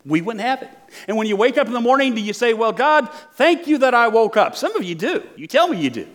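A man's voice: high voice, a bit bright. An older male pastor preaching a sermon, emphatic, asking the congregation questions and acting out little prayers.

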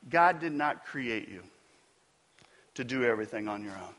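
A man's voice: mid-range voice, animated, normal speed, pauses often, a bit bright. A man preaching a sermon, telling a funny personal story before building to emphatic preaching. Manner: storytelling with self-deprecating humor. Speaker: pastor.

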